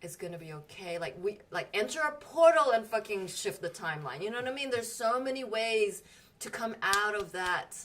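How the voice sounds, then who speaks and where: A woman's voice: fairly high pitch, expressive, moderate pace, fairly bright tone, distant mic, slight background noise. A woman in casual spiritual group chat, telling emotional stories animatedly and swearing freely.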